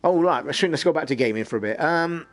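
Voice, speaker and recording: A man's voice: on the high side, quick pace. A British man hosting a live stream, telling a rambling story in a casual, swear-filled way. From United Kingdom. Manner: swears constantly, rambling and animated. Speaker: streamer and podcast host.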